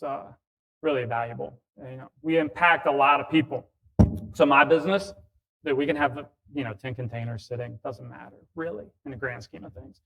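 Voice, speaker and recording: A man on a conference panel telling a personal story in a lively, chatty way. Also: mid-range voice.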